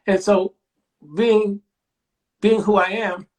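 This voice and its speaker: A man in his sixties, a library director, telling stories in an interview and acting out the voices of the people he quotes. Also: slow. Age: 60s. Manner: animated storyteller, acts out quoted voices with big pitch jumps. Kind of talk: storytelling interview.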